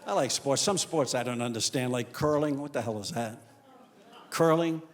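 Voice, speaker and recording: A stand-up comedian telling jokes on stage, shifting between deadpan storytelling and loud punchlines. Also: male voice, mid-range voice, a little fast. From Italian heritage. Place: comedy stage before a live audience.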